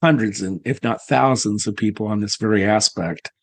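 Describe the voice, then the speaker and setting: A man hosting an interview show, talking haltingly and searching for words with many fillers. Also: fairly low pitch, dry recording. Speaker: podcast host. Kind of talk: conversational interview.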